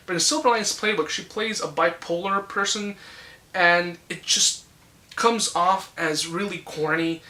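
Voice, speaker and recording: A young man rants casually about films he dislikes, blunt and quick to swear. His voice is bright and forceful, and it bounces around an echoey room. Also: high voice. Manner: blunt, ranting, swears freely. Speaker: movie reviewer. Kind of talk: casual opinion vlog.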